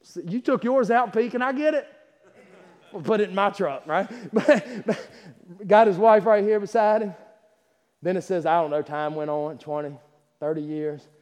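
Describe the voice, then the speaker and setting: A man preaching a sermon, who swings from loud climaxes to quiet asides and laughs while telling stories. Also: high-pitched, normal speed. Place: church sanctuary. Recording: long hall reverb.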